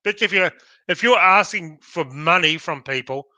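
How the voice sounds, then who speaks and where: A man's voice: a little high, normal speed, sharp tone, no echo. An Australian man co-hosting a livestream podcast, talking in a sarcastic, mocking way. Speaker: podcast co-host. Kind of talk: casual livestream chat.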